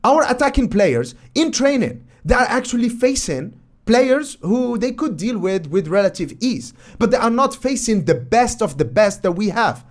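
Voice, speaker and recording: A man with a fairly high voice talks through match footage as a football analysis host. He is emphatic and opinionated and keeps firing exasperated rhetorical questions. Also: big pitch swings, moderate pace. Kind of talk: commentary over match footage.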